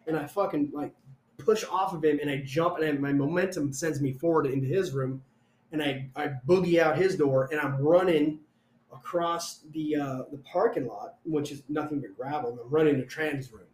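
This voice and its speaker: Man, young adult, casual storytelling, profane, animated, slightly high voice, echoey room. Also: normal speed, a little hiss or hum. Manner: profane, animated, acts out quotes loudly. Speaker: storyteller guest.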